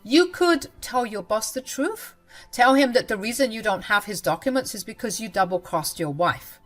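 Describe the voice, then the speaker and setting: A woman's voice: a little high, animated, normal speed, soft background music, pitched above the performer's own voice. A woman voicing a betrayed wife in a dramatic spoken story, cutting and defiant in tone. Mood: cold.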